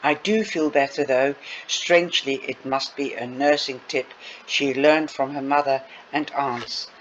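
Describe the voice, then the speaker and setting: A man's voice: medium pitch, steady tone, measured pace, a bit bright. A man reading a novel aloud, stopping for chatty asides to his listeners. Dull lo-fi recording with faint noise. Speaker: reader.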